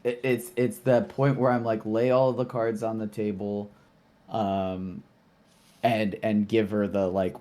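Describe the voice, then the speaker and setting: A man's voice: lowish voice, fairly even intonation, measured pace, dark tone. A man playing a tabletop role-playing game, talking through his plans in a hesitant, casual way. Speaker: player.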